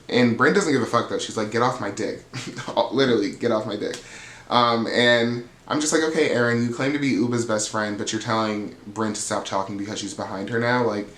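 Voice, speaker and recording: A man's voice: lowish voice, a bit bright, roomy sound. A man hosting a reality TV recap, gossiping and swearing freely while acting out what others said. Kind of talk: casual recap monologue.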